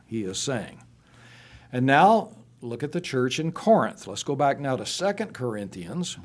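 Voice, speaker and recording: A middle-aged male preacher delivering a sermon at a very unhurried, measured pace. He reads scripture verse by verse, lifting his voice and drawing out the words he wants to stress. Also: big pitch swings, a little mellow. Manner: slows and rises in pitch to stress scripture he reads aloud.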